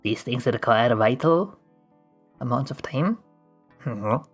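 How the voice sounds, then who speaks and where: Playful woman streamer, very deep voice, slow unhurried chat while drawing, desk mic. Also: lively intonation, slightly rough, soft background music. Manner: playful and goofy, breaks into laughs and silly voices.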